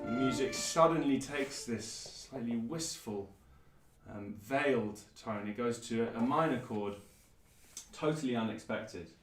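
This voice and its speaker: A man presenting and explaining a piece of classical music in a thoughtful, measured way, with frequent ums. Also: mid-range voice. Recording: roomy echo, mic at a distance.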